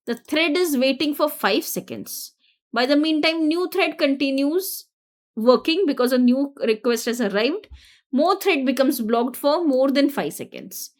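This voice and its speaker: A high-pitched woman walks through software interview scenarios like an instructor. She talks briskly, stressing key words, and sometimes restarts a word mid-sentence. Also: animated. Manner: brisk, explanatory, with restarts and emphasis. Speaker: programming instructor.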